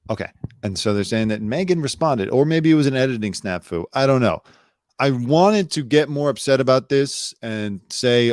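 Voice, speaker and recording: A man's voice: medium pitch, animated, normal speed, no echo, clean studio sound. A man hosting his own live show, giving blunt, sarcastic commentary with casual swearing. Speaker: host.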